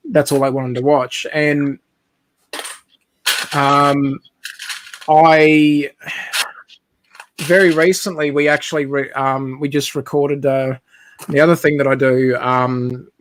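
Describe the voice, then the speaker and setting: A man's voice: a little high, slight background noise. A man telling a long, rambling story in casual chat, speaking over a video call.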